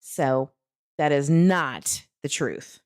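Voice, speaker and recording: Frustrated woman chatting true crime to viewers, low voice, dry sound. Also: very slow, a little mellow, dry recording. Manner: frustrated, talks to viewers, laughs between remarks. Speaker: true crime channel host. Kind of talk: casual chat to viewers while searching online.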